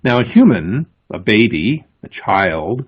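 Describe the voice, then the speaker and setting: A man presents at a conference, his pitch rising and falling in a lively way as he explains step by step. His voice is a touch husky. The recording is thin and lo-fi, much like a phone line. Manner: explanatory, emphatic, with pauses before key words. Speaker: conference speaker.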